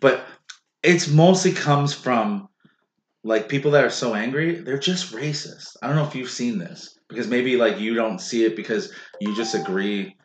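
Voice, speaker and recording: A man's voice: medium pitch, normal speed, a little hiss or hum. A man co-hosting a casual podcast, blunt and profane, ranting with strong opinions. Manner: blunt and profane, animated rants. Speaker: podcast co-host. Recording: echoey room.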